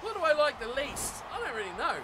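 A man with a New Zealand accent giving excitable live commentary while playing a rugby video game, often yelling at the screen. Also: very high-pitched, fairly quick, heavy background noise. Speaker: gaming YouTuber.

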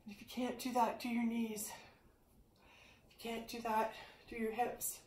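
A woman leads a yoga class in an indoor room, stretching on an exercise mat as she talks about the spirit and asks earnest questions. Her voice is on the high side and a little mellow, with a flat delivery and moderate pace. The recording sounds roomy and distant from the mic, with a little hiss or hum.

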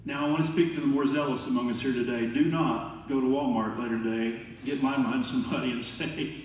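A man preaching a sermon as pastor, emphatic and lively, sometimes acting out quoted voices. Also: mid-range voice, fairly quick, distant mic, slight background noise. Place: large church hall. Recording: echoey hall from afar.

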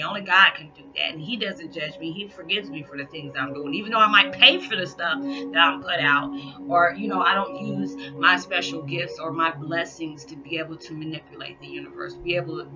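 A woman vlogger talking earnestly to her viewers, encouraging and spiritual, often saying y'all. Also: sits low. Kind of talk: heartfelt casual talk to viewers. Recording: dull lo-fi sound with music behind.

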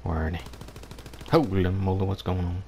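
A man's voice: low-pitched, flat delivery, moderate pace, a little mellow, a little hiss or hum. A man giving casual commentary over his own online shooter match, trash-talking opponents and laughing often. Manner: playful trash talk with frequent laughter. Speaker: gameplay commentator.

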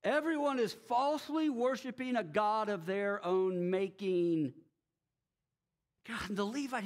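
High-pitched guy preaching in church, chuckles a lot, keeps asking the crowd questions. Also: a little slow. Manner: lively storytelling, rhetorical questions, chuckles often. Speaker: pastor. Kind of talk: sermon.

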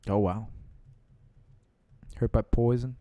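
A young man hosting a gaming channel, giving let's-play commentary with excitable yells, laughter and constant "dude"s. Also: medium pitch, takes it slowly, no echo.

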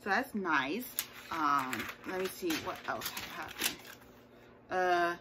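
A woman's voice: fairly low pitch, animated, slow, noisy background. A woman hosting her own channel, recapping a reality show episode in a chatty, sassy way with playful asides. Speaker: TV show reviewer. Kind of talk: casual recap chat.

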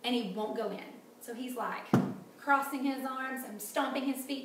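A woman teaching a children's Bible lesson in an animated way, often asking the kids questions. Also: high voice, normal speed. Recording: echoey room, distant mic, faint noise.

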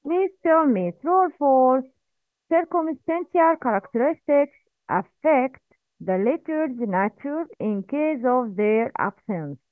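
Lively woman teacher on tinny audio. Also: high-pitched, no room sound. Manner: slow, drilling repetition with corrections. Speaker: Quran recitation teacher. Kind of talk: recorded language lesson. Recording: tinny phone-like audio, dry.

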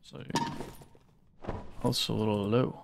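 A man's voice: fairly low pitch, flat delivery, takes it slowly, gravelly, background noise. A man streaming a game, chatting casually with his teammate in a laid-back, slangy way and laughing often. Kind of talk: casual gaming chat.

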